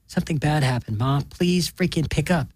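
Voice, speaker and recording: A man's voice: normal speed, a little mellow, no echo, close to an everyday voice. A man putting on a frantic shrieking young woman. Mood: panicked. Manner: shrill, panicky.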